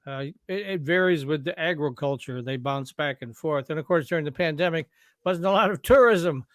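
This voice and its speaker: A man's voice: fairly high pitch, brisk, no room sound. A man hosting a podcast interview, adding conversational remarks. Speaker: podcast host.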